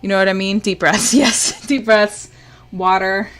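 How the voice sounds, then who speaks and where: A woman streaming a video game live, talking casually and in exasperation, swinging from loud outbursts to low muttering and swearing freely. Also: fairly even intonation, a little slow, faint music behind.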